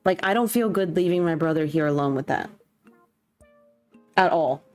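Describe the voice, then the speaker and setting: Speaking at a moderate pace in a low, darkish voice, a young streamer rants frankly during a casual livestream from her home. Faint background music can be heard behind her.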